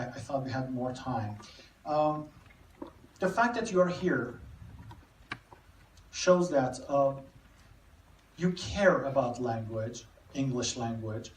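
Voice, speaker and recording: A man's voice: fairly high pitch, slight background noise. Man lecturing in an echoey hall. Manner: halting, many repeated words and restarts. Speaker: literature lecturer. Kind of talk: live literature lecture. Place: cinema hall. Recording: echoey room, mic far off.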